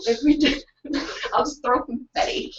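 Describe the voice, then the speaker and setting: A woman's voice: sits high, fairly even intonation, normal speed, a crowd in the background. Giggly young woman on a distant mic. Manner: chatty, giggly, reads participants' lines aloud. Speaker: co-host of a writing livestream. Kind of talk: casual chat, reading out submissions. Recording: distant, dull lo-fi webcast audio.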